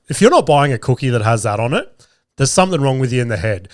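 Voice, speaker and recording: Man, 30s, podcast host, jokey and profane, slightly nasal from a cold, mid pitch, dry sound. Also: sing-song, fast, no room sound. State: getting over a cold, a bit nasal. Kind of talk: casual comedic podcast chat.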